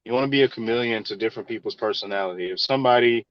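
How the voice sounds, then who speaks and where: Low-ish guy giving earnest advice in a chatty interview, dry slightly muffled sound. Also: racing. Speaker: engineer and real estate professional, interview guest. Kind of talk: casual interview answers.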